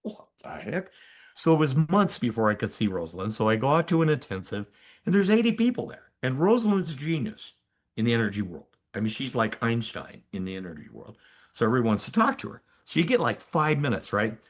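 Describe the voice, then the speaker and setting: An older man speaks as a physician guest on a podcast, telling his story with emphatic, animated energy. His pitch sits mid-range but swings widely as he leans into the key moments, often pausing to check in with the listener. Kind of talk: conversational storytelling in an interview.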